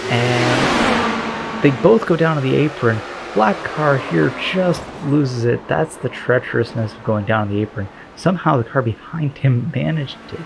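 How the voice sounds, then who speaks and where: Gravelly man commentating his sim race. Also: medium pitch, noisy background. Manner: chatty, self-deprecating, laughs often.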